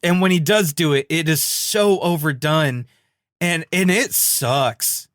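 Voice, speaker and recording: A man co-hosting a cartoon podcast in casual chat, animated, acting out quotes and laughing often. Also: on the high side, takes it slowly, no room sound, clean studio sound. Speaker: podcast co-host.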